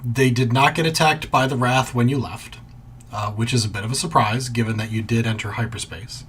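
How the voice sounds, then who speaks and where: A man's voice: medium pitch, a little fast, a bit bright, a little hiss or hum. A man narrating a tabletop space game as game master, joking and laughing easily.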